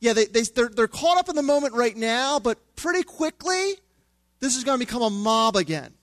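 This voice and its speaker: Man voicing fretful male disciples, raised pitch, wry pleading tone, casual modern talk, dry close sound. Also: big pitch swings, moderate pace, a bit bright, dry recording, heavily acted. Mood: exasperated. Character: exasperated practical male disciples.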